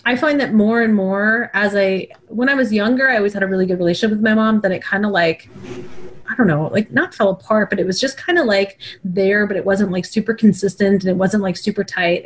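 A woman in her thirties co-hosting a podcast, chatty and heartfelt, with lots of filler words. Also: medium pitch. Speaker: podcast co-host. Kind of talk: casual chat.

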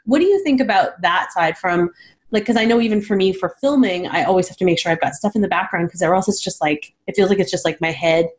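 A woman from Canada hosts a relaxed interview in a chatty, rambling way. She leans on casual fillers and laughs easily as she asks her questions. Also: mid-range voice, fast talker. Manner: chatty, many "like" fillers, giggly. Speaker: podcast host.

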